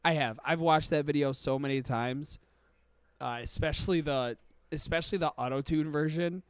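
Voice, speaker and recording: A man hosts a casual streamed show, ranting with plenty of profanity and exaggeration. His voice sits a bit high and sounds smooth and clear. The recording is close and dry. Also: moderate pace, no room sound. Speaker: podcast host.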